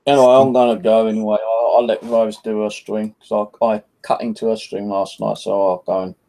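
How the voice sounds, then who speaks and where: A man's voice: fairly low pitch, level tone, fairly quick, creaky, dark tone. A man with an English accent telling a rambling anecdote in casual chat on a live stream, full of "you know" and "like". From England.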